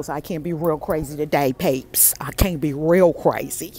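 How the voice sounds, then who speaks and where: A woman's voice: deep voice, animated, normal speed, hardly any pauses, dark tone. A woman hosting a casual live stream from inside a bookstore, talking to viewers on a handheld phone, effusive and repeating herself as she greets them by name.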